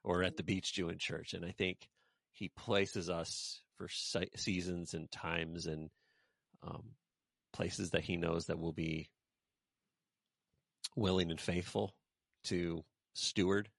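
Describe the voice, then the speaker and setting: A man's voice: low-pitched, steady tone, takes it slowly, gravelly, long pauses, dry recording, studio quality. A man hosting a casual podcast, talking in a rambling way with lots of "you know" fillers. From United States. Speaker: podcast host. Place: rural village.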